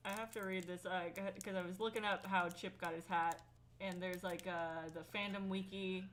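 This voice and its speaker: A woman's voice: on the low side, steady tone, normal speed, a bit bright. Giggly woman on a podcast, lots of um and like, bit of hiss behind. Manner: giggly, reads aloud with filler words. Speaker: podcast co-host. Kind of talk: casual chat.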